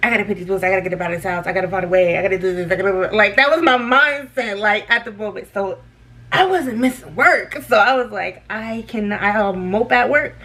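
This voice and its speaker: A young woman vlogger telling a story while she does her makeup, animated, laughing often and talking straight to her viewers. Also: medium pitch, brisk. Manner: animated, laughing, talks to viewers as girl and y'all.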